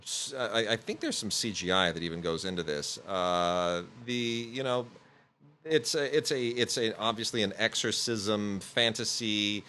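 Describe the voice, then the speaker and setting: A man's voice: on the low side, a little slow, sharp tone, a little hiss or hum. A man hosting a podcast, chatting casually through home video reviews with plenty of fillers and restarts. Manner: rambling, many fillers and restarts.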